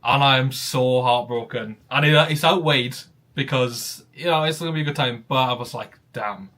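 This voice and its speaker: A man from Wales with a softened Welsh accent, hosting a casual stream chat, chatty and laughing often. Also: medium pitch, normal speed. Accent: Welsh, softened toward general British. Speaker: host.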